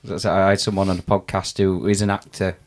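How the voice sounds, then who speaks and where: A man's voice: low voice, level tone, fairly quick. A man with a South Yorkshire accent, hosting a podcast and asking friendly questions in casual chat. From Barnsley, England. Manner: friendly questioning, with short backchannel replies. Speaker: podcast host.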